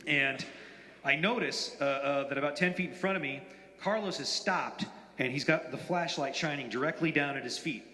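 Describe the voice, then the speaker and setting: A man in his forties, an author telling anecdotes at a bookstore event, in a rambling, halting way full of fillers and restarts. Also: fairly high pitch, bright, forceful tone, soft background music. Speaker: author at a reading. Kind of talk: live anecdotal storytelling. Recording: roomy, reverberant hall.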